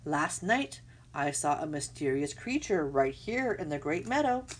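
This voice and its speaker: A woman's voice: big pitch swings, measured pace, slight background noise. A woman doing a screechy, agitated owl. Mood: announcing. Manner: hooting, screechy, high and agitated. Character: anxious, bossy male owl perched in a tree.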